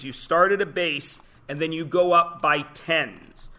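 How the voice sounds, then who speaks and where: A man's voice: on the high side, a little slow, pushed and bright. A man teaching a classroom lesson, joking, telling stories and quizzing his students. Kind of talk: classroom lecture.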